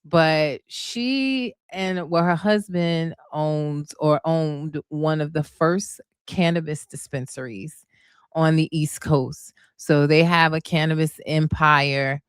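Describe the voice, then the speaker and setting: Speaking slowly in a low, smooth voice, a woman recaps a reality show for her viewers and raves about the cast, tossing in "y'all" and "honey." The casual chat has clean studio sound with no echo.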